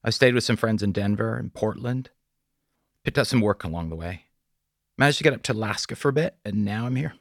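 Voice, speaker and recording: A man's voice: on the low side, a little fast, dry recording, studio quality, voice pushed up, close to an everyday voice. A man voicing a friendly, polite male drifter in his twenties in an audiobook, easygoing and chatty.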